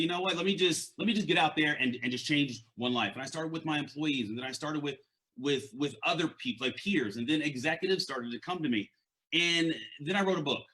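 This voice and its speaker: A man's voice: a little high, fairly bright tone. A man with a stutter giving an earnest, conversational motivational talk as a leadership and mindset coach, often repeating words.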